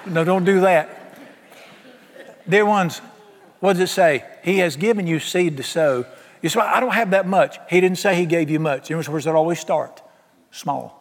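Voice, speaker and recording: A man preaches with a high, lively voice and a homespun, animated delivery. He slips into quick acted-out voices to make his points. The sound carries a long reverb, as in a large church hall. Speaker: pastor. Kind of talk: sermon.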